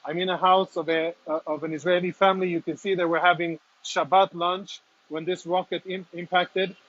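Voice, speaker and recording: A man speaking as a military spokesman, reporting live and earnestly from inside a damaged apartment, audibly emotional with halting restarts. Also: high-pitched, flat delivery, a bit bright, no room sound, dull audio. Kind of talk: live walk-through report.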